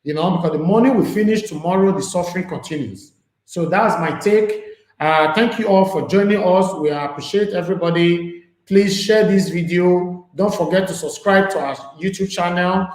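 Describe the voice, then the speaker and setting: A man's voice: high-pitched, moderate pace. Man hosting, echoey room. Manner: loose, full of "you know" and "um" fillers. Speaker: host of a live online show. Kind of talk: live-stream interview chat.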